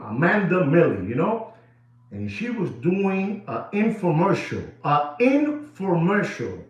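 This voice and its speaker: A man hosting a watch channel, rambling and repeating himself with heavy emphasis. His pitch swings widely as he talks, a bit above the usual for a man. The sound bounces around a very echoey room. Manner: rambling, repetitive, emphatic, code-switching with Spanish. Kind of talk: casual monologue to viewers.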